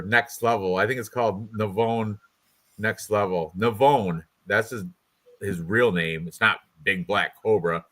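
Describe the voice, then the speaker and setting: A man's voice: lowish voice, fairly bright tone. A man hosting a casual fight prediction show, rambling and joking with his co-hosts. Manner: joking, rambling, trash-talking with laughs. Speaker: podcast host.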